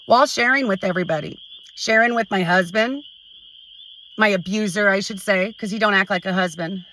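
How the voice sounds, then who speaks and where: A middle-aged woman venting to a phone camera at home, frustrated and halting, restarting her sentences often. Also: medium pitch, bright, forceful tone, far from the mic, a little hiss or hum, rough recording. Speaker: vlogger. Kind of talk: emotional personal vent to camera.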